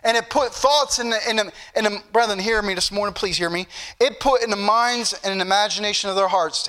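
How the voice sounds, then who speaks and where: A man's voice: high-pitched, a little fast, sharp tone. A man preaching a fervent sermon, repeating phrases and calling out to the brethren. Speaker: pastor.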